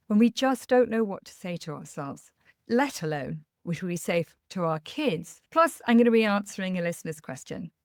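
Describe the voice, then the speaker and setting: A woman's voice: lowish voice, no room sound, studio quality. A middle-aged woman hosting a parenting podcast, talking candidly and reassuringly and sharing personal stories. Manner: earnest, candid and reassuring, laughing at herself. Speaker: parenting coach, podcast host. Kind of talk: podcast monologue with personal anecdotes.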